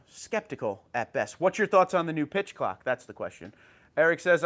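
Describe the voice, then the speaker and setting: A man's voice: mid-range voice, fairly bright tone. A man hosting a casual livestream from home on an old tablet, greeting viewers by name and reading their comments aloud. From New Jersey. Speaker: livestream host.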